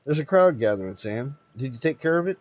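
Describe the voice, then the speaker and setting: A man voicing a smooth-talking male con man who passes himself off as an oil locator, breezy and ingratiating. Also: mid-range voice, animated, fast talker, lo-fi sound, natural voice.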